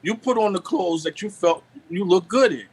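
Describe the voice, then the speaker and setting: A man on a live video call, explaining the deeper meanings of words in a preachy, repetitive way. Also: expressive, normal speed, darkish tone, husky, low-quality recording. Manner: preachy, repeats "you know what I'm saying". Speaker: guest. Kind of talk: live stream talk on word meanings.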